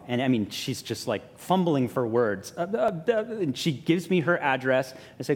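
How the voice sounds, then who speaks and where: A man pastor, telling a personal story in a sermon with lively self-mocking humor, then growing soft and quiet for reflection. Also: medium pitch, fairly quick, big-room sound. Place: church sanctuary.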